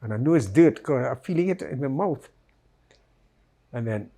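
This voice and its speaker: An older man recounting his life story in a conversational interview, quietly and vividly retelling events and tagging questions onto his sentences. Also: medium pitch, lively intonation, normal speed, long pauses, husky.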